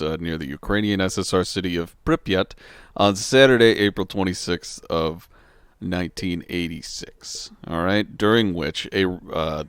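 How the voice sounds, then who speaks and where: A man's voice: sits low, smooth, no echo, clean studio sound. A man co-hosting a casual podcast, laid-back and cursing freely while reading out facts. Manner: laid-back, swears often, reads facts aloud. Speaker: podcast co-host.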